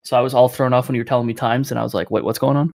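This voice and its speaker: A man from North America talks quickly as he hosts a casual gaming podcast. He rambles and circles back on himself. His voice sits in a middle pitch. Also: flat delivery, vocal fry, a little mellow. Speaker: podcast host.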